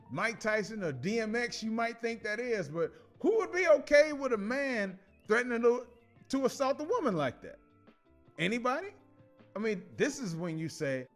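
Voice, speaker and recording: A man hosting a casual commentary show, telling stories in an animated way with slang and frequent laughs. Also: fairly high pitch. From Chicago. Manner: animated, laughs often, many restarts and slang.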